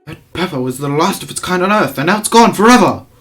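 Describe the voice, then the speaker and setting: A man doing a shrill, outraged student. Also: lively intonation, fast talker, a bit bright, faint music behind.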